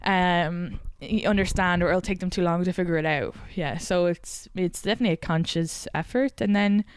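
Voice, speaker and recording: A woman's voice: lowish voice, slight background noise. A young adult woman with a mixed Dublin and country Irish accent, a guest comedian telling rambling stories in a casual podcast chat. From Ireland. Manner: rambling storyteller, quick asides, frequent laughs.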